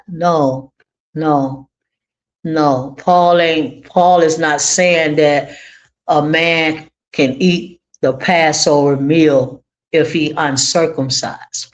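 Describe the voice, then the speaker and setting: An online Torah class teacher talking informally to viewers, exclaiming joyfully and repeating phrases for emphasis. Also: mid-range voice. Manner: informal colloquial speech. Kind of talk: livestream teaching and reacting to viewer comments.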